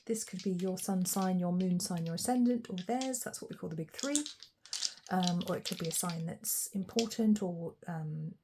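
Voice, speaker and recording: A woman's voice: lowish voice, moderate pace, noisy background. A woman giving a chatty, casual pick-a-card tarot reading, thinking aloud and laughing lightly as she goes. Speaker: tarot reader.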